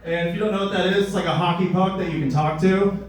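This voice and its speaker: Young male comic, deadpan and crude, slightly high voice, boomy distant live-room sound. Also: fast. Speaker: stand-up comedian. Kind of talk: stand-up comedy set. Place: live comedy venue. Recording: echoey room, mic at a distance.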